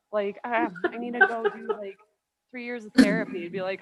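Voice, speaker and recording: A woman's voice: on the high side, very animated, a little fast, fairly bright tone. A young woman doing stand-up over a video call, rambling and self-mocking, often laughing at her own lines. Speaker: comedian.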